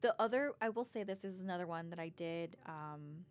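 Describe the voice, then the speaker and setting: Rambling woman telling stories, lowish voice. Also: expressive, fairly quick, clean tone. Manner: rambling, full of fillers and restarts. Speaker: vlogger. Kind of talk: casual storytelling.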